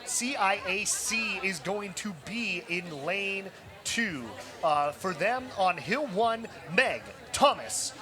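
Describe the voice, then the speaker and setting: A man doing live race commentary outdoors, reading lineups and calling the action brisk. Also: high voice, expressive, over music. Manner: reads team lineups, brisk play-by-play. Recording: outdoor crowd noise.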